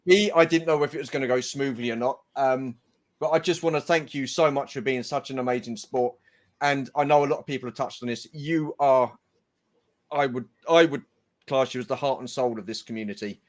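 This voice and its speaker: A man's voice: medium pitch, a little fast. A male livestream host, speaking over a video call in a friendly, effusive, slangy way. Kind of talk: casual livestream chat.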